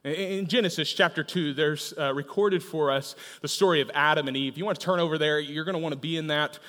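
Fairly quick and slightly high, with a bit of brightness, a man preaches as pastor in a church auditorium whose large hall gives long reverb. He keeps it conversational, often adding "right?" and telling humorous anecdotes.

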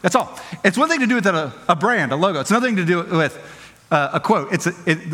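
Male pastor, high-pitched, casual and playful delivery, echoing sanctuary. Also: animated, sharp tone. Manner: conversational, playful, acts out quick quoted voices. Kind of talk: sermon. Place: church auditorium.

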